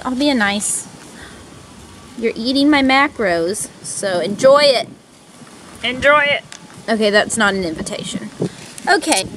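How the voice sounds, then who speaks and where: A woman's voice: fairly high pitch, slight background noise, poor audio. A woman, chatting casually and playfully through a home vlog while she cooks. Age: 20s. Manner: chatty, playful, teasing her pets. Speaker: lifestyle vlogger.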